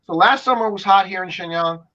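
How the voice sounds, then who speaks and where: Guy ranting on a talk show, bright tense voice, kinda dull lo-fi audio, keeps repeating himself. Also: high voice, brisk. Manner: emphatic, rambling, repeats himself. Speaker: co-host. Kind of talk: casual commentary talk show.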